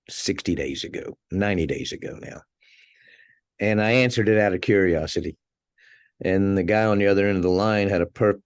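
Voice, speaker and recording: A man's voice: low voice, a little mellow, no echo, studio quality. A man being interviewed as a podcast guest, telling anecdotes in a conversational way, chuckling now and then and restarting his words.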